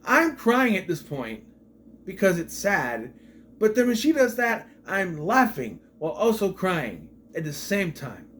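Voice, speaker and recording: A man delivers a casual, off-the-cuff movie review in a slightly higher-than-usual voice. His pitch leaps around expressively as he recounts scenes in disbelief, peppering the retelling with rhetorical questions. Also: unhurried, a little hiss or hum. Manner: animated, incredulous retelling with frequent rhetorical questions. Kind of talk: casual spoken film review.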